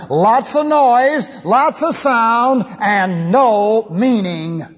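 Animated high-voiced man preaching in a hall. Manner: animated, acts out sounds and wails. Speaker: Bible teacher. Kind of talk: Bible study sermon. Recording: dull lo-fi audio in a reverberant hall.

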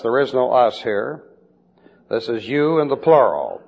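A man preaching in a deliberate style, teaching Bible doctrine, and spelling out Greek words letter by letter. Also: mid-range voice, lively intonation, gravelly, husky. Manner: slow, deliberate emphasis on key phrases. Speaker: pastor. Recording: dull lo-fi recording with long hall reverb.

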